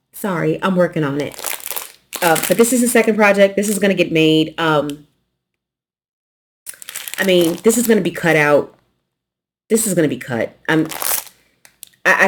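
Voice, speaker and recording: A woman with a light Southern US accent, hosting a quilting channel and chatting casually through an unboxing, relaxed and rambling, sometimes swallowing her consonants. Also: fairly low pitch, slight background noise. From New York.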